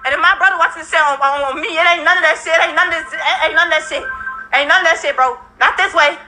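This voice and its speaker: A woman with a very high, piercing voice fires off rapid, furious threats, cursing and repeating herself. She films on a handheld phone inside a house. Her words come fast and sharp. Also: faint music behind. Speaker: woman confronting a neighbor over theft. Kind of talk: heated confrontation filmed on a phone.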